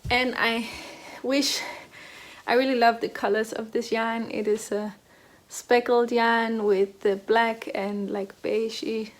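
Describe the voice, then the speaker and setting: Young woman chatting about knitting at home, rambly, kinda high voice. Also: little pitch movement, takes it slowly. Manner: chatty, rambling, many fillers and restarts. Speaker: knitting podcast host. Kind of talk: casual chat.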